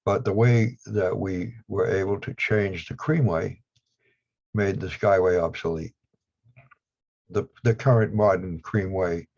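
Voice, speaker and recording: A lapidary equipment maker with a Down East Maine accent speaks as a guest in a video call interview, rambling and blunt with dry humor. His voice is low, gravelly, darkish and slightly rough. The video call audio is dull and lo-fi.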